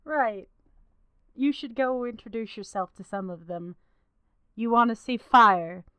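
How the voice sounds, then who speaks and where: A woman's voice: on the high side, a little slow, bright, forceful tone, smooth, no echo. A woman voicing a frank, matter-of-fact female alchemist and shopkeeper in a tabletop game.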